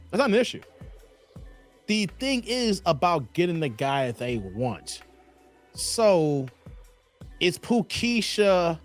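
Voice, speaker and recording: His voice sits high as he hosts a live commentary stream, animated and laughing often. He addresses people in his chat by name.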